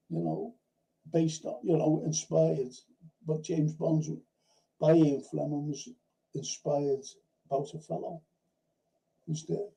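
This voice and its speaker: A male livestream host with a gravelly, very dark voice. He rambles through anecdotes in loose casual chat, swears easily and keeps circling back to restart his sentences. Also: a little high, rough recording. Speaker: host of a film and TV review show.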